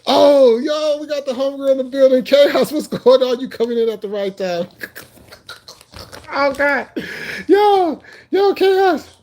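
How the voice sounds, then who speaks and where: A man hosts a casual live stream, laughing almost nonstop as he jokes with viewers in the chat. His talk is loose and profane, full of repeated phrases. His voice has a mellow, darker tone. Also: very high-pitched, fairly even intonation, normal speed, slight background noise.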